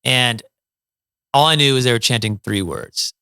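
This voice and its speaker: A man's voice: mid-range voice, moderate pace, sharp tone, clean tone, no room sound, studio quality. A middle-aged man from Ohio, a musician, telling stories in a casual interview, with many fillers and restarts. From Toledo, Ohio, USA. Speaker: guest, musician.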